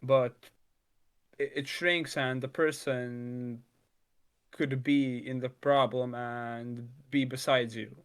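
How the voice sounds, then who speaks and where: A man's voice: mid-range voice, fairly even intonation, takes it slowly, clear, resonant tone. Rambling young-sounding man chatting casually. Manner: rambling, many restarts and "like" fillers, swears casually. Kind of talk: casual conversation.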